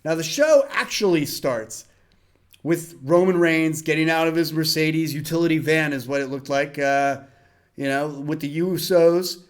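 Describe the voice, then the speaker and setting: A man's voice: on the high side, unhurried. A young man hosting a casual wrestling review in a rambling way, with many fillers and restarts. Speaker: host.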